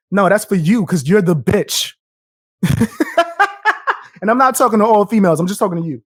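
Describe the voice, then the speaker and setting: A man's voice: high-pitched, animated, normal speed, pauses often, dry recording, clean studio sound. Profane young man ranting on stream. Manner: profane, combative, taunting viewers, laughing often. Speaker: live streamer. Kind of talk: live stream reaction rant.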